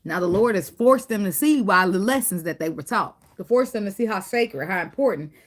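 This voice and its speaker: Animated woman giving a casual tarot reading. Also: fairly quick. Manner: animated, swears freely, breaks into high acted quotes and laughter. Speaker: tarot reader.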